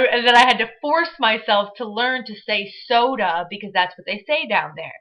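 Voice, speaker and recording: A woman's voice: fairly high pitch, moderate pace, hardly any pauses. A young woman from Michigan with a Midwestern American accent, chatting casually and bubbly in a vlog with frequent fillers. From Michigan, USA. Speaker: vlogger. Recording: dull lo-fi webcam audio.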